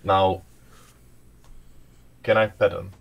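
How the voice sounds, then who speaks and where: A man's voice: sits low, flat delivery, very slow, creaky, highs cut off, background noise. A man whose first language is Czech, chatting casually and playfully, often laughing and restarting his sentences. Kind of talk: casual chat.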